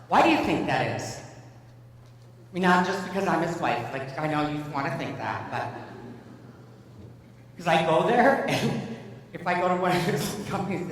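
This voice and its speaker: Playful middle-aged woman giving a keynote. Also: lowish voice. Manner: playful, self-mocking storytelling with acted-out dialogue. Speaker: keynote speaker. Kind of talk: humorous motivational keynote. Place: large conference hall. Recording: echoey hall, distant mic, faint hum.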